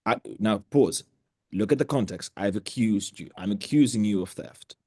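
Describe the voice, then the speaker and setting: Blunt low-voiced male sales coach. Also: darkish tone, husky, no room sound, studio quality. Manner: blunt, direct, quick to cut in. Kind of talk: coaching trainees through role-play drills. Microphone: video call.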